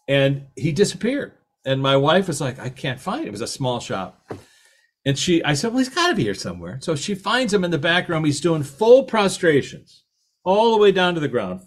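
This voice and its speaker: Man, middle-aged, storytelling talk, animated, acts out quotes, slightly high pitch. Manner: animated, anecdotal, laughs at his own stories, acts out quotes. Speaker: author and podcast host giving a talk.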